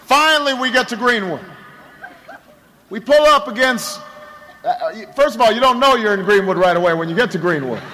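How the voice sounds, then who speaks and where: Bright, high-voiced man giving a rally speech. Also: expressive, a little fast, a faint crowd, a little hiss or hum, poor audio. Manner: anecdotal storytelling with repetition and rhetorical build. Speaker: political candidate.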